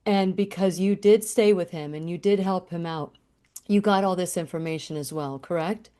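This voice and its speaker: A woman's voice: on the low side, normal speed, mellow, clear, resonant tone. A woman hosting a radio interview, asking questions in an encouraging way with some fillers. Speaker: radio show host. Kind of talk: interview conversation.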